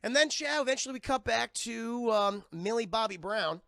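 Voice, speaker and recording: A man streams a casual film recap, swearing freely and excitedly addressing his chat as he retells each scene. His voice sits high and carries heavy gravel. The sound is dry and close. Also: normal speed, dry recording.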